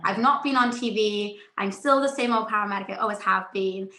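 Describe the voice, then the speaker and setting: A woman's voice: mid-range voice, fairly quick, sharp tone, echoey room. A woman in her twenties, a podcast guest chatting casually, giggly and self-deprecating. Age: 20s. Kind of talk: casual chat.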